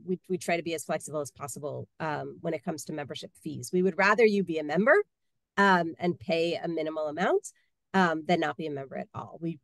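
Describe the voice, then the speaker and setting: A woman with a fairly low voice hosts an online meeting, warm in intent but halting, full of ums and restarts. The sound is dry and close, as over a video call. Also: vocal fry, dry recording. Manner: friendly, halting, many fillers and restarts. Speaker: meeting host, association officer. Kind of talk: casual online meeting talk.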